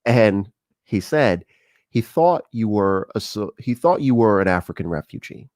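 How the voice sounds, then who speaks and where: Man, American accent, very low voice, dry close sound, chatty storytelling, lots of ums and restarts. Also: animated, measured pace, darkish tone, dry recording. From United States. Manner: conversational storytelling with frequent fillers and restarts. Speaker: show host. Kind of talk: live-streamed opinion talk.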